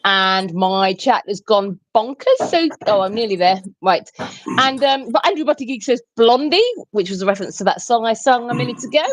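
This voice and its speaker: A woman's voice: a little high, brisk, dry recording, low-quality recording. A woman co-hosting a late-night live stream, giggling often and reading out viewer comments. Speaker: co-host reading live chat.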